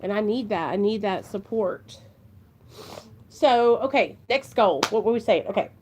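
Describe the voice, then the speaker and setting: A woman's voice: medium pitch, animated, measured pace, darkish tone, slight background noise. A young woman, chatting earnestly and emotionally to her vlog viewers, rambling and addressing them as "you guys.". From Ohio. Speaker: vlogger. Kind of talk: casual heartfelt chat to camera.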